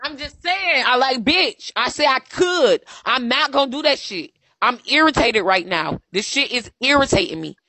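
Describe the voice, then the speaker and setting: High bright-voiced irritated woman. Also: expressive, normal speed, hardly any pauses. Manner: profane, rambling, irritated, stammering. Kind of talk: emotional casual chat.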